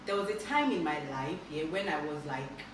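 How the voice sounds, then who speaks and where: Lively Nigerian woman in an echoey room. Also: normal speed. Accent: Nigerian English. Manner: animated, laughs often, bursts into high exclamations. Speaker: vlogger. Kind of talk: casual storytelling. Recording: echoey room, distant mic, background noise.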